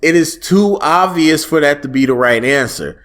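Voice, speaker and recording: A man talks through his take on a TV episode in an easygoing, animated way. His voice sits a little higher than most men's, and he slips into quoted dialogue without breaking his conversational flow. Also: moderate pace. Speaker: TV show reviewer. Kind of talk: casual solo review talk.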